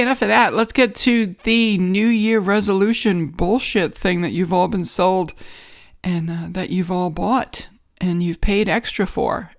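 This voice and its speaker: A woman with a New York accent hosts a podcast from a home studio set up in a guest bedroom, delivering a wry, sarcastic, rambling comedic monologue. Her pitch is fairly high.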